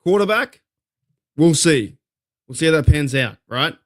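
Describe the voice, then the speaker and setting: A man's voice: on the high side, animated, a little slow. A man with an Australian accent hosting a casual fan talk show, fired up and rambling, swearing freely as he vents. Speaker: podcast host.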